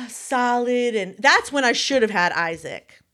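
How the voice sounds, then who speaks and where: A woman's voice: fairly high pitch, slow pace. A woman in her early forties, co-hosting a casual chat and telling stories animatedly while acting out what people said. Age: 40s. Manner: animated storyteller who acts out quotes. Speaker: podcast co-host.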